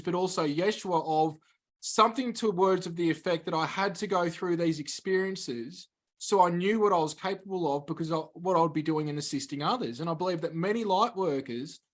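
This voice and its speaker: Male interview guest, higher-pitched, explains things steadily and carefully. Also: a bit bright. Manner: measured, explanatory. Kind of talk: spiritual interview talk.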